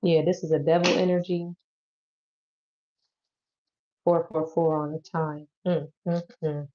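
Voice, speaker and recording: A woman's voice: low-pitched, little pitch movement, a little slow, noisy background. A woman giving a loose, chatty tarot reading who swears and laughs easily. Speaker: tarot reader. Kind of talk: casual tarot reading to camera. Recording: dull lo-fi audio.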